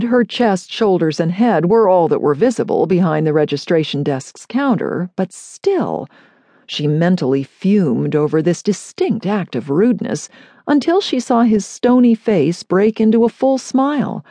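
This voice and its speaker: Woman narrating an audiobook, warm and dry. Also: sits low, no echo. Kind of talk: audiobook narration of a romance novel.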